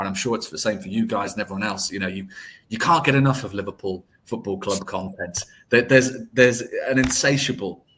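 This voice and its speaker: A man's voice: lowish voice, fairly bright tone, slight background noise. A man answering as a podcast guest, earnest and reflective, often restarting phrases and filling them with "sort of". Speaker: guest, deputy editor of a football site.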